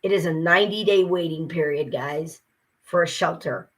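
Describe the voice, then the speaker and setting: A woman's voice: on the low side, moderate pace, a bit bright, breathy edge. A tired woman ranting casually to camera, frustrated and swearing as she vents. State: exhausted. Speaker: vlogger. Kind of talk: casual vlog rant.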